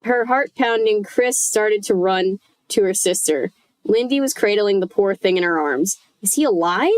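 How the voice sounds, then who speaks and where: A woman reading a children's book aloud at a mid-range pitch, relaxed and casual. She breaks off now and then for chatty, joking asides. The sound is dry and close with no room echo. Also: unhurried.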